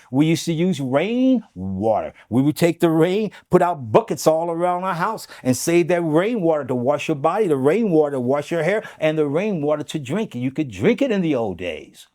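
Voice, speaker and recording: A fairly high-voiced man tells stories in a lively, swooping way and acts out every quoted line. His tone is dark and mellow. The recording is close and dry. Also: normal speed, hardly any pauses, dry recording. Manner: animated storyteller, acts out quoted dialogue; repeats "okay?" to drive points home. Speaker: interview guest. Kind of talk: storytelling interview.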